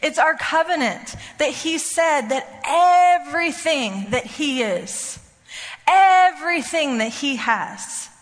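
Woman preacher, bright higher voice, chatty and emphatic sermon delivery, long hall reverb. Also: animated, takes it slowly. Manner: conversational, emphatic, frequent "okay?" check-ins.

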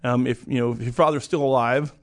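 A middle-aged man hosts a casual conversational chat, rambling along with restarts and fillers and chuckling now and then. His mid-range voice is fairly even in intonation and he talks quickly.

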